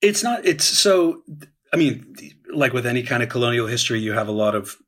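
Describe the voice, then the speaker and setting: Husky-voiced man explaining history. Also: medium pitch, big pitch swings, a little fast, fairly bright tone. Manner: explains at length with many restarts and fillers. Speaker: historian guest. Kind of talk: conversational podcast discussion.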